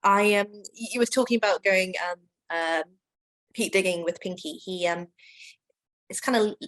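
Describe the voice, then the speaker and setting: A woman's voice: medium pitch, normal speed, a bit bright, low-quality recording. A woman working as a whisky brand ambassador, chatting casually and enthusiastically with plenty of fillers during an online tasting. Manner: enthusiastic, gushing, many fillers.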